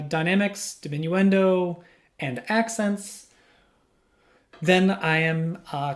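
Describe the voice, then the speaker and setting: A man's voice: a little high, slight background noise. A man working as a music teacher, giving a patient lesson in a small room and answering his own questions step by step. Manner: patient, asks questions then answers them. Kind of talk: instructional explanation. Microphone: studio microphone.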